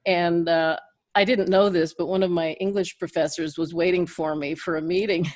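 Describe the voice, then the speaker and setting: A woman's voice: fairly low pitch, steady tone, normal speed. An older woman, a guest in an interview, telling chatty stories with frequent laughs. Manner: chatty, laughs between anecdotes. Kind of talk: casual interview storytelling.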